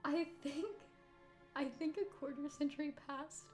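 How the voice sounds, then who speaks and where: A woman's voice: sits high, level tone, measured pace, soft background music. A young woman streaming a game, giggly and exasperated, laughing through her casual commentary.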